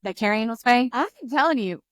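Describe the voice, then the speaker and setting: A woman co-host in a casual book podcast speaks in a fairly high voice. She retells scenes with animation and slips into quoting the characters. The sound is dry and close. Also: animated, brisk, dry recording.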